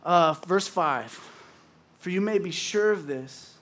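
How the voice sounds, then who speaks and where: A man's voice: high voice, lively intonation, slow pace, fairly bright tone, slight background noise. A man preaching a casual sermon, talking in a chatty way with many restarts and acting out short dialogues in his stories. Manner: chatty, full of "like" and restarts, acts out little dialogues. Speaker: pastor.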